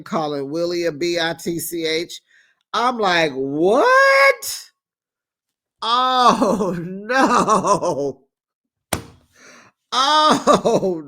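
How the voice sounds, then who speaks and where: A man hosting a casual reality TV recap, telling the story in an animated, sassy way and acting out the quotes. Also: high-pitched. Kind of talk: casual gossip recap commentary.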